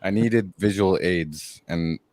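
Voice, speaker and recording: A man's voice: deep voice, slow, darkish tone. A man co-hosting a casual chat, teasing and telling jokey stories, running on little sleep. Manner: joking, teasing storyteller. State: sleep-deprived. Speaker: co-host.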